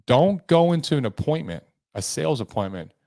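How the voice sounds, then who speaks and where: A man's voice: fairly high pitch, big pitch swings, brisk, gravelly, mellow, no echo, studio quality. A man hosting his own podcast, coaching listeners on sales in an emphatic, motivational way, shifting pace and tone for effect. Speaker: podcast host and sales trainer. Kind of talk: motivational solo podcast talk.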